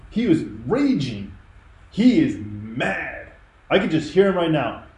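A man's voice: a little high, big pitch swings, slow pace, a little mellow, reverberant, poor audio. A man preaching a sermon, earnest and emphatic in a conversational way. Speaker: pastor. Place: church.

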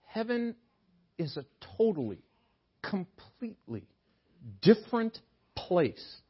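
A man's voice: sits high, sing-song, slow pace, slightly rough, lo-fi sound. An older man preaching a sermon in a chapel, joking with the congregation. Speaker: guest preacher. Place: chapel sanctuary.

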